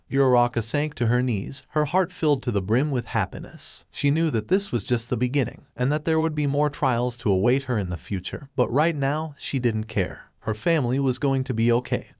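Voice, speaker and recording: A man's voice: medium pitch, brisk, few pauses, darkish tone, no echo. Give me a man reading a fan fiction story in a dry, close-up voice. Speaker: narrator.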